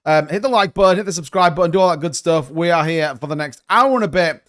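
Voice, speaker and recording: A man's voice: on the high side, fast, fairly bright tone. A man hosting a crypto livestream, chatting casually and greeting viewers by name.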